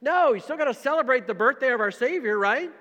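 A man's voice: very high voice, expressive, fast, bright, forceful tone, long reverb tail. A man preaching a folksy, conversational sermon as pastor, often repeating words as he goes. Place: church sanctuary.

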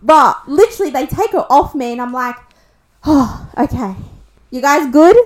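A young podcast co-host with an Australian accent and a voice that sits high shares a gossip story at a moderate pace. She swears constantly and, animated, acts out what everyone said.

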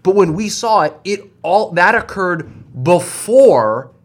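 A man's voice: sits high, animated, takes it slowly. A man co-hosting a podcast in casual chat, emphatic and insistent as he builds his points step by step. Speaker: podcast co-host.

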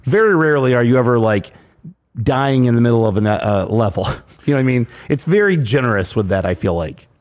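A man's voice: mid-range voice, animated, brisk, a little mellow. Joking male podcast host. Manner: joking, teasing, sets up punchlines. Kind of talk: casual chat about a retro video game.

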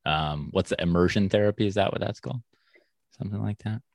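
A man's voice: lowish voice, quick pace, creaky, darkish tone, no room sound, studio quality. A man co-hosting a podcast, chatting casually and a bit self-consciously, with some stammering. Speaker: podcast co-host.

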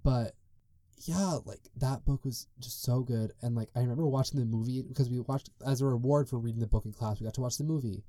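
In a warm, medium-pitched voice at a fairly quick pace, a young man tells stories on his solo podcast. The talk is chatty and rambling, heavy on "like" and tangents, and the recording is dry and studio quality.

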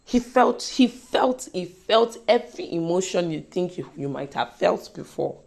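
Woman preacher, slow and gravelly, low-set voice, emphatic and repetitive. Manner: emphatic, repeats lines, swings between loud and soft. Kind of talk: sermon.

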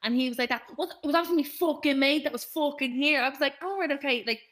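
A woman, co-hosting a podcast and telling a story in a casual, animated way with plenty of swearing. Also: sits high, fast talker. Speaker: podcast co-host.

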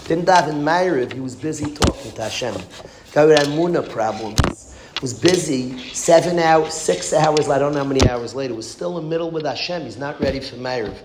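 A man's voice: a little high, brisk. A man, a rabbi teaching a class, tells a story as a sermon with emphatic, repetitive phrasing that builds to passionate exclamations. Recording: echoey room with background noise.

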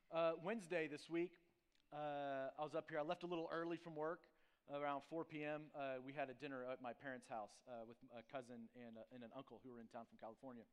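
A male pastor in a church sanctuary, his voice sitting a touch higher than most men's. He moves between prayer and a loose, self-mocking story full of fillers. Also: flat delivery, fast, clear, resonant tone. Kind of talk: sermon with prayer and personal story.

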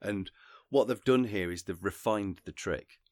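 A man's voice: fairly low pitch, unhurried, a little mellow, dry recording, clean studio sound. An English man co-hosting a podcast, speaking in casual chat and laying out his point step by step. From England. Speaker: podcast co-host.

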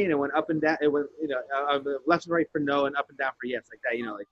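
Profane storytelling man, higher voice. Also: very fast, no echo, highs cut off. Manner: profane, animated storyteller who acts out quotes. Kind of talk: casual podcast chat.

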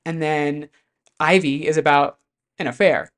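A chatty vlogger talking straight to camera in a loose, animated way, full of fillers and the odd curse word. The voice sits at a middling pitch, neither high nor low. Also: measured pace. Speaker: pop music commentator host. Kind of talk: casual chat to camera.

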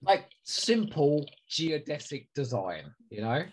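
A man co-hosting a podcast in casual chat, excitable and joking, swearing freely. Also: fairly high pitch, slow pace. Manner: excitable, swears freely, jokes about impressions. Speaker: podcast co-host.

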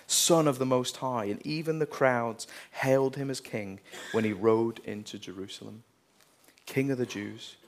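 A man preaching a sermon, earnest, reading scripture passages with rising intensity. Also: mid-range voice.

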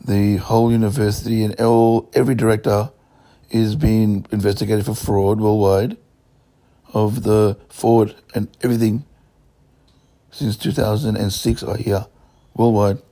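A man in a profane, rambling monologue that jumps between topics and swings between loud outbursts and low mutters. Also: flat delivery, measured pace.

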